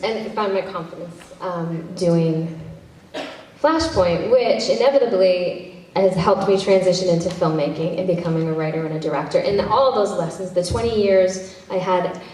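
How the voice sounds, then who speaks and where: A woman's voice: on the low side, moderate pace, darkish tone. A woman, an actress and director, answering fan questions at a convention panel in a chatty, self-interrupting way with easy laughs. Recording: echoey hall from far off, faint noise.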